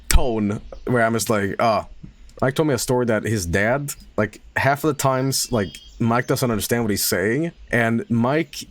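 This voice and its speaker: A man's voice: medium pitch, slight background noise. A young man streaming a game and chatting casually, telling rambling stories with stammers and swearing. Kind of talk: casual livestream chat while gaming.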